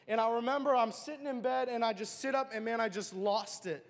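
High-voiced man giving an earnest testimony. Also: brisk, few pauses, long reverb tail. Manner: earnest and emotional. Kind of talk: personal testimony.

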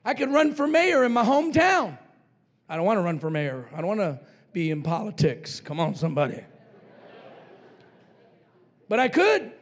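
An older man from New Mexico preaching a revival sermon as pastor, with fervent repeated declarations that often rise to shouts. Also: high voice, big pitch swings, normal speed, pauses often. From New Mexico, USA.

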